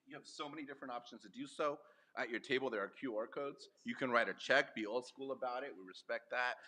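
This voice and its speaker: A man's voice: medium pitch, pushed and bright. Man making a charity appeal and auction. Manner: upbeat, rapid auction calls with self-deprecating asides. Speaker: fundraising speaker and auctioneer. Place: banquet hall at a luncheon.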